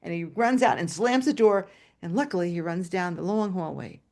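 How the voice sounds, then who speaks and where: An older woman, a former teacher, tells a story to an audience over a video call, animated and acting out the voices, with asides to her listeners. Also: lowish voice, moderate pace.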